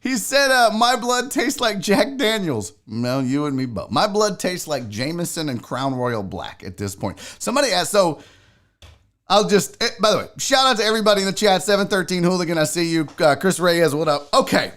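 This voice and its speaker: A man hosting a casual livestream, joking around, giving chat shout-outs and swearing freely. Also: a little high, sing-song, brisk. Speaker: host.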